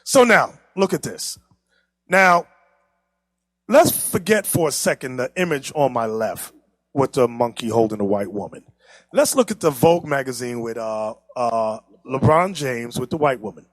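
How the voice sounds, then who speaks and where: A man teaching a class from pictures, animated and teasing, who laughs often and talks straight to the room. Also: medium pitch, normal speed, dry recording, studio quality. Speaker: class instructor. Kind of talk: lively classroom lecture with pictures.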